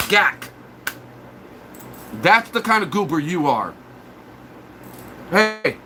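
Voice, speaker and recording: A man on a live stream, crude and blunt, trash-talking the viewers in his chat. His voice sits high and has a bright, cutting edge. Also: a little hiss or hum.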